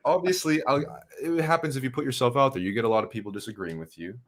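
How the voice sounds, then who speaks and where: A man guest in casual conversation, telling stories in an animated way and mocking others in quoted voices. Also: medium pitch, fast. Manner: animated storytelling with mocking impressions.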